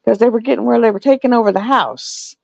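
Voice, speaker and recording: A middle-aged woman, hosting a livestream and telling stories in a casual, animated way. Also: on the high side, quick pace, gravelly, no room sound. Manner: animated storytelling with laughs. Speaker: livestream host. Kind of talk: casual chat. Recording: dull lo-fi dry sound.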